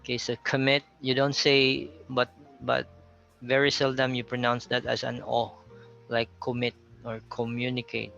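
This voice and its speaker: A man's voice: mid-range voice, flat delivery, measured pace, vocal fry, bright, forceful tone, lo-fi sound, faint music behind. A man from the Philippines with a Filipino accent, teaching an English pronunciation lesson and repeating example words as he explains them.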